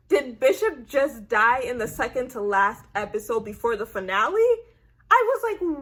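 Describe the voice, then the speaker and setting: A woman recapping a TV episode in a casual, animated way, acting out her own reactions and leaning on "like" and "I said". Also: sits high, a little slow. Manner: chatty, heavy use of "like" and "I said". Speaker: TV recap vlogger.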